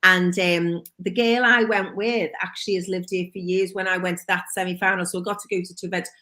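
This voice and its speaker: A woman's voice: on the low side, fairly even intonation, fairly quick, pushed and bright. A woman co-hosting a radio chat, enthusiastic and chatty. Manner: enthusiastic, chatty, many short agreements. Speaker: co-host. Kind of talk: casual chat.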